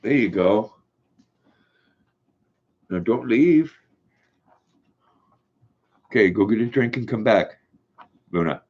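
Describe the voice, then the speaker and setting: A man's voice: on the low side, animated, slow, long pauses, darkish tone. An older man hosting a casual live stream from home, rambling and chuckling as he reads viewer comments aloud. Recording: dull lo-fi sound.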